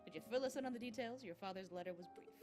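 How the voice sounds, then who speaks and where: A woman's voice: medium pitch, racing, music in the background, close to an everyday voice. A woman voicing an earnest male bird lawyer in a game, formal and courteous.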